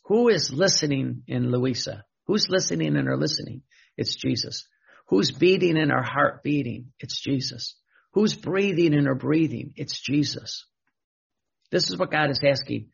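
A man's voice: on the high side, gravelly, slightly rough. A man preaching a sermon, repeating questions and restarting phrases as he teaches. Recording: dull lo-fi recording.

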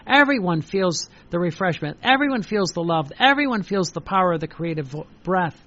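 Male preacher, high voice, fervent and repetitive, dull lo-fi sound. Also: very animated, brisk, few pauses, fairly bright tone. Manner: fervent, repetitive, reads quoted passages aloud. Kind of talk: devotional sermon.

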